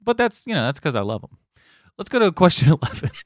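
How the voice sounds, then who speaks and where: A man's voice: on the high side, sing-song, fast talker, no room sound, clean studio sound. A man co-hosting a podcast, reading out questions and rambling through jokes with lots of laughter. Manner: rambling, laughing, acts out lines. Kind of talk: casual chat.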